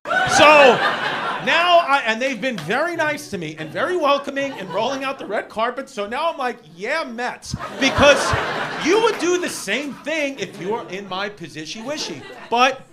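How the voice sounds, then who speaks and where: A man with a New York accent doing a rambling, animated stand-up set in a comedy club, shouting some punchlines. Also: extremely high pitch, moderate pace. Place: comedy club with a laughing audience. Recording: live club recording with audience noise.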